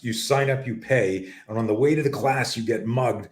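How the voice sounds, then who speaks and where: A man's voice: mid-range voice, moderate pace, hardly any pauses, echoey room. A middle-aged man from Canada, a self-defense coach hosting a live talk show, telling rambling stories and swearing casually. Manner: animated, swearing, rambling storyteller. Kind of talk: casual live-stream storytelling. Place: home office.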